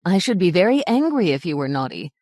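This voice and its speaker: A woman voicing a gentle, loving mother. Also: lowish voice, very animated, a little fast, no echo, studio quality. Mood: tender. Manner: soft, tender, earnest.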